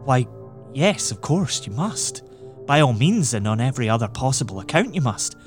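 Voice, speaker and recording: A man doing a calm, cynical schemer. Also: mid-range voice, moderate pace, soft background music, lightly acted. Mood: coaxing. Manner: calm, smooth, lecturing. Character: cool, persuasive male schemer, cynical. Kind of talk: audiobook reading.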